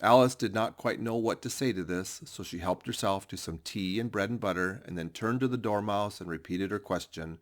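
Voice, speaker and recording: A man narrating a storybook in a measured, expressive reading. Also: on the low side. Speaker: audiobook narrator.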